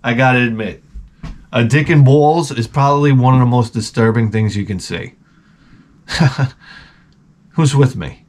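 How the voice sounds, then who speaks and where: A man's voice: mid-range voice, a little slow, long pauses, darkish tone. A middle-aged man from Long Island, telling a rambling, profane, sardonic story as a vlog host. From Long Island, New York. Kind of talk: casual rambling monologue.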